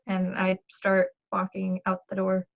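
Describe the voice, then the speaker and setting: A woman playing a tabletop game, brisk and decisive. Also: medium pitch, monotone, gravelly. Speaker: player. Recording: dull lo-fi mic.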